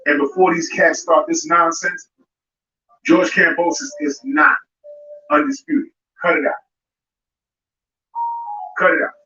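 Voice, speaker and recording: A man's voice: on the high side, fairly even intonation, a little slow, long pauses, bright, forceful tone. A man hosting a live boxing show, ranting in a confrontational way and speaking straight at a fighter. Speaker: boxing commentary host. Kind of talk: live commentary rant. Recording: roomy, distant, dull sound with music behind.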